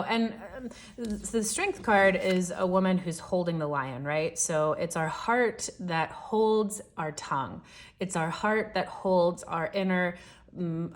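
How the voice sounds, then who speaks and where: A woman giving a casual, encouraging daily tarot reading, chatty and gentle, often checking in with "right?". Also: on the low side. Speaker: tarot reader.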